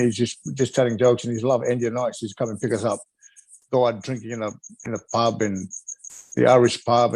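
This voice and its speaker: Animated middle-aged man telling stories. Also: mid-range voice, no echo, low-quality recording. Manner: animated, laughs often, acts out other people's voices. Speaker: guest, retired wrestler. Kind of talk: casual storytelling interview.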